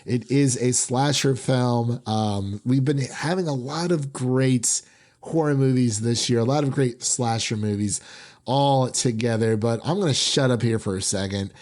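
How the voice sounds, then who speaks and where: A man's voice: mid-range voice, unhurried, a little mellow. A young man hosting a film review podcast, chatting casually into his microphone, rambling with many fillers and restarts. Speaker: podcast host.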